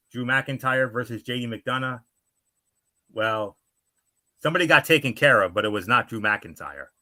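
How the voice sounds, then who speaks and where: Male co-host, wrestling recap podcast, bright and forceful tone, filler-heavy delivery. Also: on the low side, no room sound. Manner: chatty, with frequent fillers and restarts. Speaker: wrestling show co-host and analyst.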